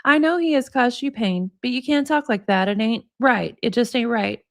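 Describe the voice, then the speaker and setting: A woman's voice: fairly high pitch, moderate pace, natural voice. Woman reading a big tough man, pleading. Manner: earnest, pleading. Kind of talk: dramatic reading on a livestream.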